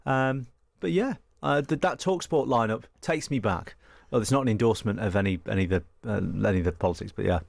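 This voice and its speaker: A political journalist from northwest England, a man talking fast and animatedly as a radio studio guest, often restarting and repeating words. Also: mid-range voice, gravelly, dry recording. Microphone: studio microphone.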